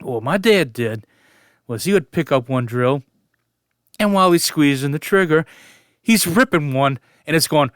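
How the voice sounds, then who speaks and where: Man in his forties, fairly high voice, smooth and clear, casual storytelling, stifling laughs, dry close mic. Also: expressive, moderate pace, fairly bright tone, no room sound. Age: 40s. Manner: chuckling, keeps fighting back laughter. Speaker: vlogger.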